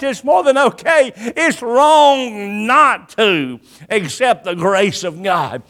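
A man preaching a sermon, paraphrasing scripture in folksy talk and swinging between soft low passages and loud high cries.

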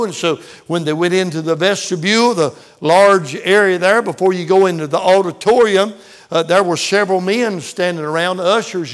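An older man, a pastor, telling stories in a sermon in a folksy way, often stumbling over and repeating words. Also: high-pitched.

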